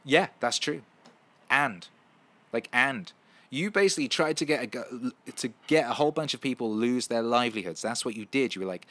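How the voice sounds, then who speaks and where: Brief: male streamer, mid-pitch, swears a lot, animated, restarts often. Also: fairly quick. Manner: profane, animated, with frequent restarts and fillers. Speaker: livestream host answering viewer questions. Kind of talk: casual livestream chat.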